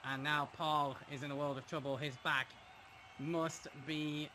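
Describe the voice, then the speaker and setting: A man calling a wrestling match play by play, dramatic and quick to laugh. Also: fairly high pitch, level tone, sharp tone, a little hiss or hum. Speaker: play-by-play commentator.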